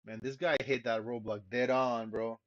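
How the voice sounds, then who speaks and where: A man's voice: mid-range voice, little pitch movement, normal speed, no room sound. A man giving casual live commentary while streaming a game, laid-back and profane, sighing often. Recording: dull lo-fi stream mic.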